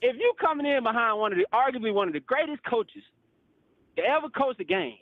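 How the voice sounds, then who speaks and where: A man's voice: very high-pitched, lively intonation, brisk, no echo, narrow, tinny audio. A male caller on a call-in show, ranting in frustration, swearing and repeating "bro" and "literally.". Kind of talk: heated call-in rant.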